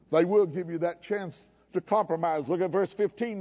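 High-voiced preacher in an echoing hall. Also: male voice, moderate pace, darkish tone, highs cut off. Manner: emphatic, folksy preaching with humor. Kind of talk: sermon. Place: chapel service.

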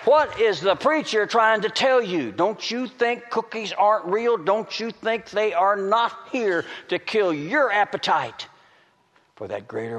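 A man's voice: high voice, expressive, a little slow. Preacher man in a big echoing hall. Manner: swings between loud calls and hushed pleading. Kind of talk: sermon. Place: large hall with an audience. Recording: reverberant hall.

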